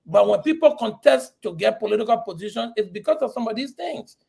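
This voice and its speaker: A man's voice: high voice, expressive, a little fast, creaky, darkish tone, slightly rough. A middle-aged man from Liberia, arguing heatedly in a political discussion with repeated rhetorical questions. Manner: impassioned, repetitive, rhetorical questions. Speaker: panelist.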